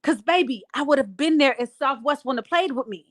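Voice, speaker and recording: A woman's voice: high voice, expressive, fairly quick. An exasperated woman, ranting in a heated casual chat and repeating herself.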